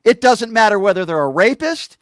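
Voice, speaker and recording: High-voiced man angrily hectoring a caller. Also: very animated, a little fast, no room sound, clean studio sound. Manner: hectoring, insulting, repeats questions. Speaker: talk show host. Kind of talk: heated call-in argument.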